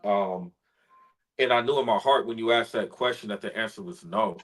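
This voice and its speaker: A man's voice: lowish voice, poor audio. Earnest man telling a heartfelt story. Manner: earnest, emotional, measured storytelling. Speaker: spoken word poet and guest. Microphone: video call.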